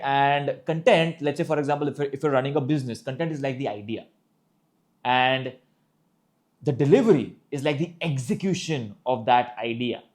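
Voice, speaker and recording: A man's voice: medium pitch, darkish tone. A man teaching public speaking, often ending points with "correct?" and demonstrating as he explains. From India. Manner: tags sentences with "Correct?", demonstrates by example. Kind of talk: instructional talk to camera.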